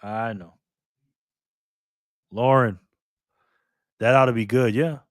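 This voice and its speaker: A man hosting a casual livestream, calling out viewers and donations with upbeat shout-outs. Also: mid-range voice, fairly even intonation, slow, dry recording, studio quality. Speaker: livestream host.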